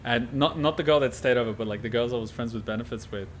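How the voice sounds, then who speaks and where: A man's voice: mid-range voice, fast talker, slight background noise. An Australian man streaming a game reaction, telling a rambling casual anecdote full of fillers and laughter.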